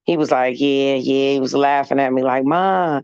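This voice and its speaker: A woman's voice: extremely low pitch, moderate pace, smooth, no echo. Black woman venting on her stream, lots of mm's, dry muffled mic. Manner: animated, swears freely, hums "mm" between phrases. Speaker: livestream host. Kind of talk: casual storytelling chat. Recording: dry, slightly dull lo-fi sound.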